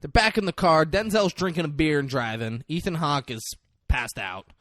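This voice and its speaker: A man co-hosting a podcast in casual chat, retelling a film scene with lots of swearing and quick acted-out lines. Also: fairly high pitch, dry recording, studio quality. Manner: animated, profane, acts out film lines in quick voices. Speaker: podcast co-host.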